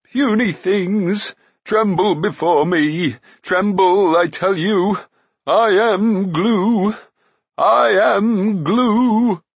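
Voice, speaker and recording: A man voicing a huge, boastful and needy male cave giant, with a quavering, choking voice drawn out in slow shouts. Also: sits high, husky, no room sound, pitched above the performer's own voice, full character voice. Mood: blustering.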